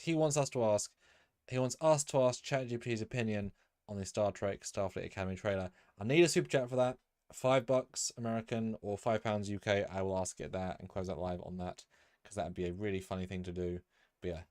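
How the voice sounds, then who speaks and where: A man's voice: on the low side, a little mellow, no room sound, studio quality. A man hosting a casual live stream, rambling with lots of fillers and restarts.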